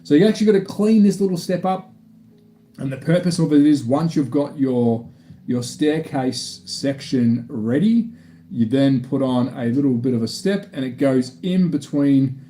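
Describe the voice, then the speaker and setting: A man's voice: medium pitch, normal speed, warm tone, faint music behind. A man from Australia with an Australian accent, chatting casually on a live stream while building a model kit, rambling and restarting often.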